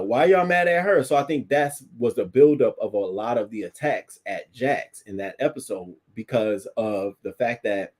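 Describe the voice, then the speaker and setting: A man's voice: on the low side, mellow. A man hosting a casual commentary show, chatting in a loose, profane way at his desk mic. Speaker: host.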